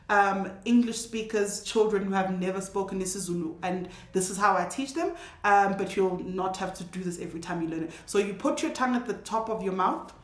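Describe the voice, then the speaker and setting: Woman teacher, casual lesson, models sounds slowly and patiently; mid-pitched, roomy echo. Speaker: language teacher. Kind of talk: casual spoken language lesson.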